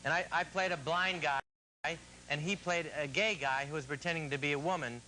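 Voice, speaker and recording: A man's voice: on the high side, fairly quick, background noise. A man who is a comedy cast member, telling a story on a talk show and acting out lines. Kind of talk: casual anecdote.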